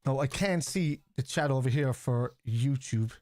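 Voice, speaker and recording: A man's voice: mid-range voice, measured pace, a little mellow, no room sound, clean studio sound. A middle-aged Irish man who chats casually on a live football watchalong stream, swears, reacts to the match and answers viewers in chat. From Ireland. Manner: chatty, swears, reads out chat and reacts to play.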